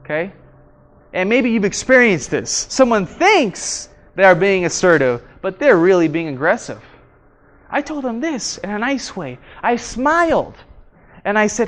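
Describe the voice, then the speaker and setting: A male instructor leads an interactive seminar in a training room. He throws questions at the audience and acts out his examples with animated energy. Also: sits high, normal speed. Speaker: workshop instructor.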